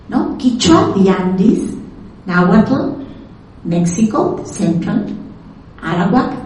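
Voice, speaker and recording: Woman, lecturer, slow and deliberate, mellow voice, very echoey room, far from the mic. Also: medium pitch, slight background noise. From Argentina. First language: Spanish. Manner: slow, deliberate, spells out words carefully. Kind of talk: lecture on language history.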